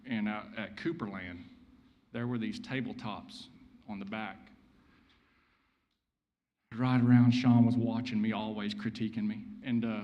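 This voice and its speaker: A man's voice: on the low side, fairly even intonation, measured pace, long pauses, dark tone, lo-fi sound, a little hiss or hum. A man giving a humorous eulogy at a memorial. He tells anecdotes in a nervous but joking way. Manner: nervous, joking storyteller who acts out quotes. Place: church hall. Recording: reverberant hall sound.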